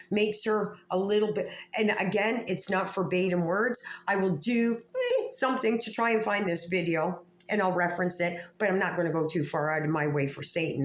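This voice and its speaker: A woman vlogger delivering a heated, profane, confrontational rant to camera in an echoey room. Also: mid-range voice. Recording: echoey room with faint ambient noise.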